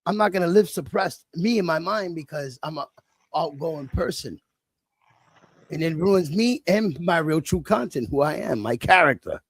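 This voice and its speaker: A middle-aged man, talking bluntly and profanely in a casual chat, telling animated stories. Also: fairly high pitch, husky, no room sound. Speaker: livestream host.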